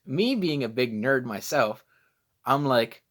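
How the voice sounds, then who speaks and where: A man's voice: mid-range voice, expressive, takes it slowly, fairly bright tone. A young man vlogging casually, rambling and self-deprecating as he loses his train of thought. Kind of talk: casual vlog storytelling.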